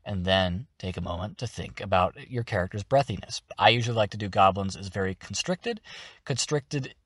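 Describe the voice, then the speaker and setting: Cast: friendly instructor, man, low and slightly husky, dry close home mic. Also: normal speed, fairly bright tone, no room sound. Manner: upbeat, encouraging. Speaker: voice-acting tutorial host. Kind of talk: instructional narration.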